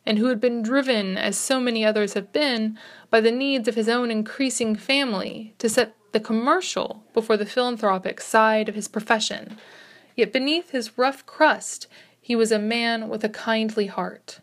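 A woman with a somewhat high voice reads a classic short story aloud in a measured, expressive way. Her narration is steady and carefully paced, like a spoken audiobook. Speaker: audiobook reader.

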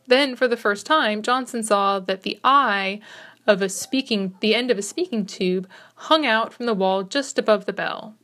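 A woman narrating a classic short story as an audiobook reader, in a measured, expressive reading. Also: mid-range voice.

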